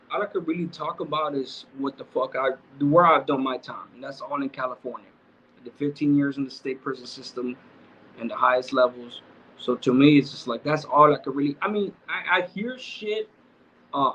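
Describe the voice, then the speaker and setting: A man's voice: a little high, sharp tone, slight background noise. A middle-aged man hosting a livestream, talking casually in loose streetwise slang with plenty of swearing. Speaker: livestream host. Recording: dull lo-fi stream audio.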